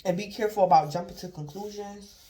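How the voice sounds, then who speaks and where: A tarot reader's mid-range, mellow voice moves at a quick pace through a casual reading. She wanders and repeats herself, says "like" a lot, chuckles, and mimics imagined callers in brief quotes.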